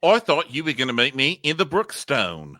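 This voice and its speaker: A man with a bright, forceful voice recaps a movie on a podcast, playfully acting out its dialogue. His pitch moves a lot, and the recording is dry and close. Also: big pitch swings, moderate pace, no room sound. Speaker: podcast co-host. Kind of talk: casual chat recapping a movie.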